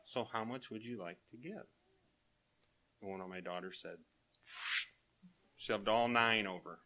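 An older man with grandchildren, preaching a sermon in a folksy way, telling family anecdotes and chuckling as he quotes children softly. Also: fairly low pitch, a little slow.

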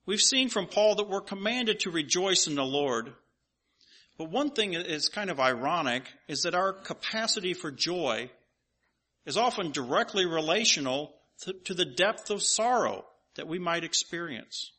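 A man's voice: high voice, animated, moderate pace, pushed and bright. A man preaching a sermon and reading scripture aloud, emphatic and asking rhetorical questions at an uneven pace.

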